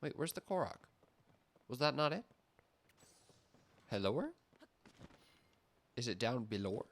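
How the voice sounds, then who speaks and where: Young male streamer, bright tone, loose rambling chat over gameplay. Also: mid-range voice, sing-song, takes it slowly, a little hiss or hum. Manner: rambling, self-interrupting, laughs often.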